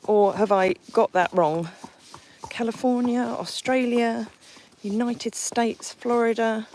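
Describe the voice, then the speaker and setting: A woman's voice: a little high, steady tone, slow pace, a little mellow, a little hiss or hum, low-quality recording. An Englishwoman hosting a live stream outdoors, chatting casually as she reads out where her viewers are from. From England. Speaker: horse sanctuary owner hosting a livestream. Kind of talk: live-stream chat while riding a horse. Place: outdoors on a country lane.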